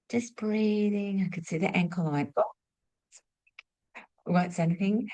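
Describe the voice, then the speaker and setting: A middle-aged woman, a spiritual teacher and former nurse, telling stories as a lesson and asking rhetorical questions, moving between lively and hushed delivery. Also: mid-range voice, moderate pace, long pauses. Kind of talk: storytelling teaching talk.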